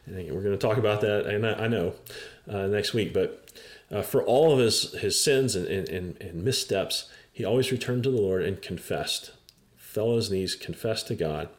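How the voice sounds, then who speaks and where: A man preaching a sermon, telling a scripture story in an animated way with chuckles and frequent fillers. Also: on the low side, normal speed. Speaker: pastor.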